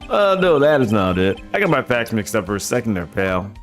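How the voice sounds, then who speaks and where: A man's voice: fairly low pitch, sing-song, brisk. Brief: bumbling good-hearted detective, blustery and folksy, read by a male streamer, faint music behind.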